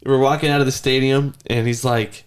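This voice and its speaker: A man's voice: medium pitch, steady tone, brisk. Chatty man telling rambling stories. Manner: rambling storyteller, mimics his son's whiny voice. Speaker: podcast host. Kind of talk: casual chat.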